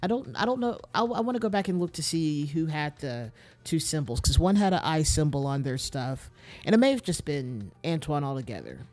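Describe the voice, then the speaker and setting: A man streams a mystery game, working through the clues aloud and reading the in-game letters. His voice sits a little high. Faint music plays behind him. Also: very animated, brisk, darkish tone. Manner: thinks aloud, restarts sentences, reads letters aloud with stumbles.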